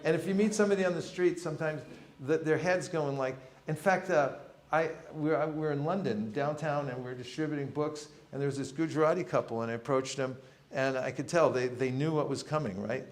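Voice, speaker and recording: A man with a slightly raised voice teaches a live audience in a lively, humorous way, acting out little scenes of meeting people on the street. The sound is roomy, with the echo of a hall around him. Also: on the high side, a little fast, few pauses. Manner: humorous, acts out street encounters. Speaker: seminar teacher. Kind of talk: lively seminar talk.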